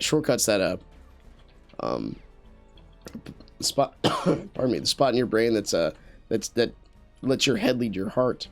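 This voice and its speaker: A man giving casual commentary while playing a game, talking in an earnest, rambling way with many restarts and fillers into a USB studio microphone. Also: fairly low pitch. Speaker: gameplay commentator.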